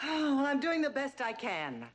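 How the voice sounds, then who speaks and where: An actress playing a tired former actress hired as a double in a 1960s TV drama, speaking patiently and plainly. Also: female voice, sits high, big pitch swings, measured pace. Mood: weary.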